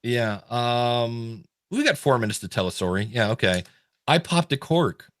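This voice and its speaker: Middle-aged male podcast host, casual animated storyteller, dry close mic. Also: medium pitch, unhurried, no room sound. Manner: animated, stumbling restarts when excited.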